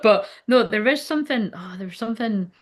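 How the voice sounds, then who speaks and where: Doing a live tarot reading on her stream, this Scottish spiritual reader is blunt, chatty and sweary, packing her talk with fillers. She's an adult who has spent ten years online. Her voice sits on the high side, expressive, and she moves fairly quickly.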